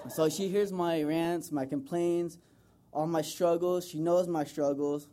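A man's voice: on the high side, fairly even intonation, measured pace, background noise. A young man from the United States giving an earnest, rambling tribute to his mother in front of a group, with lots of fillers. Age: young adult. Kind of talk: informal public speech.

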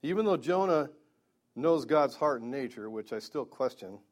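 A man's voice: medium pitch, lively intonation, moderate pace, darkish tone. Earnest man preaching with stammering restarts. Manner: earnest, stammering restarts, rising to emphatic peaks. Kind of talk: sermon, Bible teaching.

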